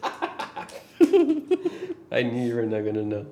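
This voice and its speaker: A woman's voice: extremely low pitch, flat delivery, takes it slowly, darkish tone, echoey room. A woman chatting casually with her partner over a meal, teasing and laughing.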